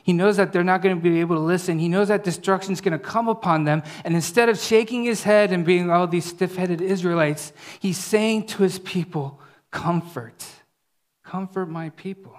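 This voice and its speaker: A preacher giving a conversational sermon, often checking in with the listeners and dropping to a soft, hushed voice when reading scripture. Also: medium pitch, brisk, few pauses. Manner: conversational, often asks "right?".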